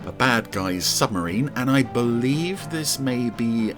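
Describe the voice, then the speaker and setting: A man's voice: medium pitch, a little slow, music in the background. A man hosting a podcast, giving chatty, wry watch-along commentary on an episode, with fond asides. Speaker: podcast host.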